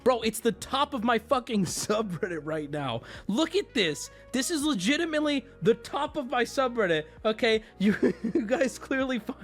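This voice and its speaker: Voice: medium pitch, animated, normal speed, hardly any pauses, soft background music. A livestreamer chatting casually with viewers, loose and profane, talking straight to chat.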